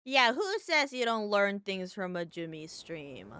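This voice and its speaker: Over loud game music on her streamer mic, a woman gives rambling commentary while playing, musing aloud and cursing a lot. She speaks unhurriedly in a mid-range voice with big pitch swings, the tone clean and echo-free.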